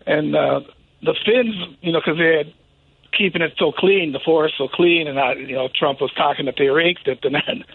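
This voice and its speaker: A man's voice: a little high, moderate pace, vocal fry, husky, no echo. A man calling in to a radio show, rambling with lots of fillers and a defensive edge. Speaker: caller. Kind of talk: phone call-in chat. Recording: tinny phone line with faint noise.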